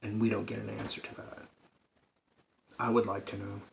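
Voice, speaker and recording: A man's voice: lowish voice, flat delivery, moderate pace, vocal fry, a little hiss or hum. A man giving a sarcastic, profane comedic rant about a film, acting out characters' lines as he goes. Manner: sarcastic, swears a lot, acts out characters' lines.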